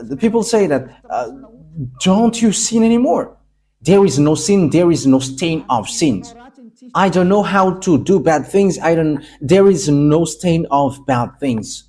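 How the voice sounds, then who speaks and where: A man's voice: on the high side, warm tone, breathy edge. Emphatic male preacher. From Madagascar. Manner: emphatic, halting delivery with frequent pauses. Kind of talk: sermon.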